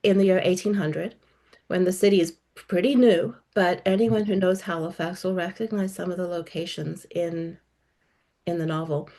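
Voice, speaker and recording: A woman's voice: on the low side, fairly even intonation, moderate pace, warm tone. A middle-aged woman guest author talking about her work in a podcast interview, articulate and enthusiastic. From South Africa.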